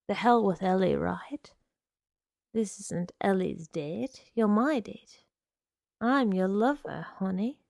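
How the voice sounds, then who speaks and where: A sinister young suitor, put on by a woman narrator, drawling his threats in a slow, coaxing voice. The tone is gravelly and close. The sound is dry, with no room around it. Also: medium pitch, a little mellow, no room sound. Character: sinister smooth-talking young man, menacing suitor.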